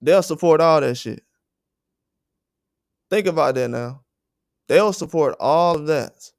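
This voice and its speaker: A man's voice: fairly high pitch, takes it slowly, vocal fry, no room sound, studio quality. Blunt, profane man ranting on a livestream. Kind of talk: heated livestream rant.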